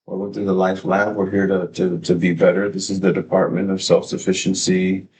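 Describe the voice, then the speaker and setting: A man hosting a livestream, talking in a casual, excitable, rambling way with plenty of swearing, into a desk mic at his home setup. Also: low-pitched, brisk, noisy background. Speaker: livestream host. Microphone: desk microphone.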